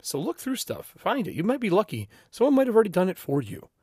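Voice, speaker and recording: Animated man with a lively voice. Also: high voice, quick pace, slightly rough, no room sound, studio quality. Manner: animated, emphatic, swears casually. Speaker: game master giving advice. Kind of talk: casual advice talk.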